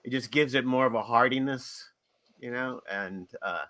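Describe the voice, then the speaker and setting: A man's voice: medium pitch, normal speed, sharp tone, no echo. A man who is a voice actor guest on a podcast, chatting casually, rambling and laughing often.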